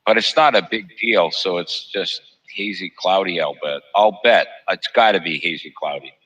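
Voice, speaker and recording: A man's voice: deep voice, moderate pace, a bit bright, dull audio. A man hosting a live stream, chatting casually over a voice call, joking, laughing often and repeating himself. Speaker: host of a live observatory stream.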